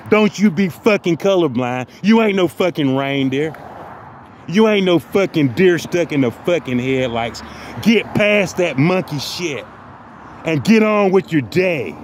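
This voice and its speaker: A man's voice: on the high side, slight background noise. A man delivering a profane, mock-motivational comic rant that loops back on the same phrases. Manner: mock-motivational, repeats phrases, heavy cursing.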